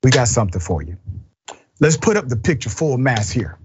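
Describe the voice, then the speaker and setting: A man's voice: mid-range voice, sing-song, fairly quick, lo-fi sound, a little hiss or hum. A man hosting a news commentary show, speaking with indignant emphasis and addressing the person he criticizes directly. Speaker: host.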